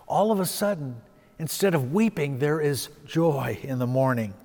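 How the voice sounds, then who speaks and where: A man's voice: a little high, lively intonation, normal speed. Preaching man in a reverberant hall. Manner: storytelling preacher, swelling with emphasis then dropping soft. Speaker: pastor. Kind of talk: sermon.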